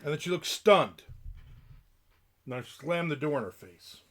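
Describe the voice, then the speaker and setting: Middle-aged male streamer, grumpy ranter, voice a bit on the high side. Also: expressive, unhurried. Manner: grumpy, ranting, complaining about strangers. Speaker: livestreamer. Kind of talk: casual live-stream rant.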